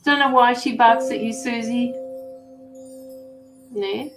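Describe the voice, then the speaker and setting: A woman's voice: on the high side, a little slow, vocal fry, pauses often. Chatty woman streaming in an echoey room. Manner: chatty and affectionate, fussing over her dogs. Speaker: intuitive tarot reader and medium. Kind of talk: casual livestream chat with viewers. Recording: roomy echo with faint music.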